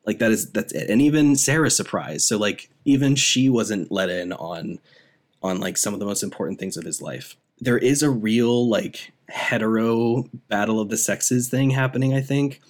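In a relaxed movie review chat, this man co-hosting a podcast rambles eagerly and laughs a lot. He has a lowish voice at a normal speed.

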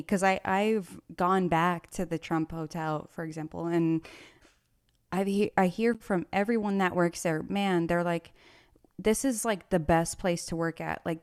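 A woman's voice: fairly low pitch, no room sound, studio quality. A woman guest on a talk show, chatting casually and acting out the people she quotes, laughing often. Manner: bubbly, laughs a lot, acts out quoted people. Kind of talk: casual storytelling.

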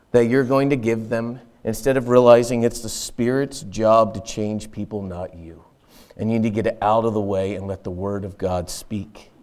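A man's voice: mid-range voice, a little mellow. A middle-aged man preaching a sermon as pastor in a church, talking in an earnest, conversational way and repeating key phrases for emphasis.

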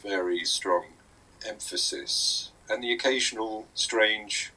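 A man's voice: on the low side, slow pace, pushed and bright, slightly rough, poor audio. A man co-hosting a casual chat about his sketches, joking and laughing often. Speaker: co-host and sketch writer.

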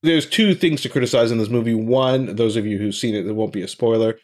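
Chatty animated man, mid pitch. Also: a little fast. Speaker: podcast co-host. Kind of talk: casual chat.

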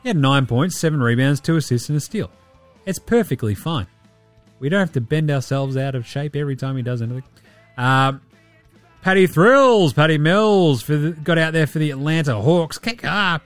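Aussie bloke hosting a sports pod, sweary and sarcastic, bit higher voice, faint music under it. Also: male voice, fairly quick, no echo. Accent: Australian. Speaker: podcast host. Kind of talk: casual sports chat.

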